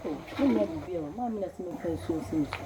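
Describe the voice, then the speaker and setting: A woman's voice: fairly low pitch, racing, noisy background, natural voice. A woman playing a chatty village neighbor in a Ghanaian film.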